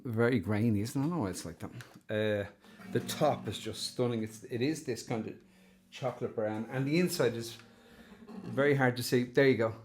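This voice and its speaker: A man's voice: mid-range voice, darkish tone. Irish guy rambling thru a guitar unboxing at home, mid voice, guitar music behind. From Ireland. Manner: chatty, thinking aloud, fond asides. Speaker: guitar reviewer. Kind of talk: casual unboxing vlog.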